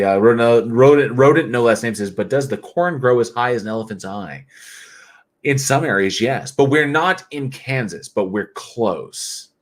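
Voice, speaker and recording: A somewhat low-voiced man hosts a late-night livestream and reads viewer comments aloud. He sounds tired but stays chatty and jokey, laughing often. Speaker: livestream host. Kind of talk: casual livestream chat reading viewer comments.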